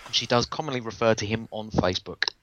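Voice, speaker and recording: A man's voice: on the low side, fast, a little hiss or hum, rough recording. A man acting as quiz master on a casual podcast, reading out questions and teasing the players in a dry way.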